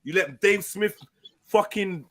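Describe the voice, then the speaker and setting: A man's voice: high voice, slow pace. A man arguing on a live panel, insulting and dismissive, repeating himself. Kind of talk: heated argument on a live panel.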